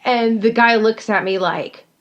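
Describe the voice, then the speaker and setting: A woman from Georgia in her thirties with a soft Southern accent, co-hosting a podcast and telling a story with lively acted-out quotes and laughter. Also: a little high, measured pace, muffled recording. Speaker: podcast co-host. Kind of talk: casual chat, storytelling.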